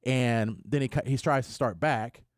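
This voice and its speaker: A male radio host tells a story on air in a dry studio sound, his voice at a mid pitch. He jumps into the quotes and acts them out with animated swings. It sounds like casual morning chat. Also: moderate pace, no echo. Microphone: studio microphone.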